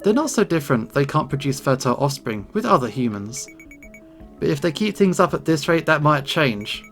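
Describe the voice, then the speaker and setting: A man's voice: a little high, big pitch swings, normal speed, a bit bright. A man voicing a strict, serious teenage girl who scolds in a prim, stern way, with faint game music behind. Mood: scolding.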